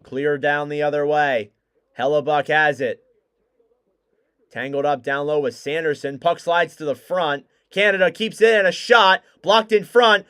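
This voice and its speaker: Young guy doing live hockey play-by-play on stream, voice hoarse and dying, kinda high, keeps coughing. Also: a little slow, no room sound, clean studio sound. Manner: excitable, coughing between calls. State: hoarse, losing his voice. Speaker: livestream hockey commentator.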